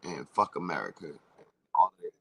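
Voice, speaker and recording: Brief: deep-voiced man, forceful and edgy, rambling profane rant with sudden whispers. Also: sing-song, fairly quick, creaky, breathy edge, rough recording. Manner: loud and rambling, shifting between shouts and hushed asides; profane and confrontational. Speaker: vlogger. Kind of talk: freewheeling spiritual rant.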